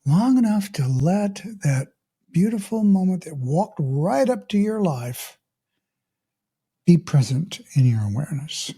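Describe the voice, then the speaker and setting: A middle-aged man, a mindfulness coach hosting a podcast, telling a story in a calm, unhurried way and often clearing his throat. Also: a little high. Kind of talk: reflective podcast monologue with a story.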